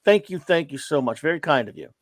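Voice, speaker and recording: A man's voice: fairly high pitch, sing-song, fast, no echo, clean studio sound. A man co-hosting a casual livestream, greeting chat viewers by name with playful titles and lots of fillers. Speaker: livestream co-host. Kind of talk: casual livestream shout-outs.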